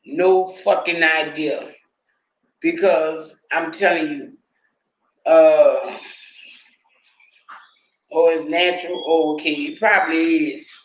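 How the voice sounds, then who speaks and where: A man with a high, bright voice delivers casual, profanity-laced livestream commentary to his chat, laughing often. He talks at an unhurried pace, and the roomy echo of the space hangs around his words. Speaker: livestream host.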